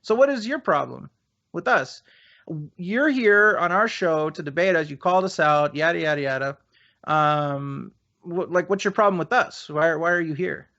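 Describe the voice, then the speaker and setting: A man's voice: on the high side, normal speed, sharp tone. A man hosting a podcast, needling and mocking his guest in a heated debate, often restarting his sentences. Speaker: podcast host. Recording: dull lo-fi podcast audio.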